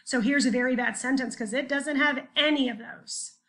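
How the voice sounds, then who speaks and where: A woman teacher giving a recorded lesson over slides, explaining patiently step by step and often clearing her throat. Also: high-pitched, steady tone, normal speed, fairly bright tone.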